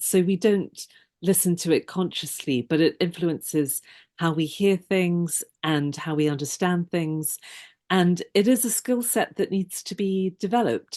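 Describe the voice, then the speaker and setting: A woman hosting a podcast conversation as a pronunciation coach, explaining her methods in an articulate, measured way. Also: deep voice, mellow.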